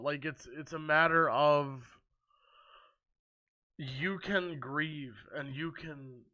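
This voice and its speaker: A man's voice: medium pitch, bright, forceful tone. A man in his twenties chatting casually and earnestly as a movie review vlogger, with frequent ums. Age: 20s. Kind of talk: casual ranking chat.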